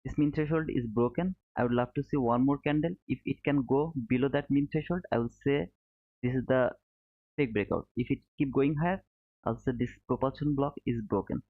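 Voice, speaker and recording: A man's voice: mid-range voice, brisk. Man explaining charts over tinny audio. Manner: explains step by step, repeats points, calls viewers brother. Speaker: trading educator streaming live. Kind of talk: live chart commentary answering chat. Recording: narrow phone-like audio.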